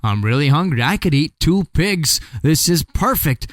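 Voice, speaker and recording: A man's voice: a little high, expressive, normal speed, dry recording, clean studio sound, natural voice. A man doing a hungry, dim big wolf. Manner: wheedling, sweet-talking. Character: hungry not-so-smart male big wolf.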